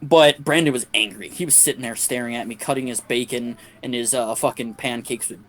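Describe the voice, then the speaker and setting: A man's voice: medium pitch, steady tone, fairly quick, fairly bright tone, slight background noise. A young man streaming a game, telling a long crude story in a casual, profane, rambling way with many restarts.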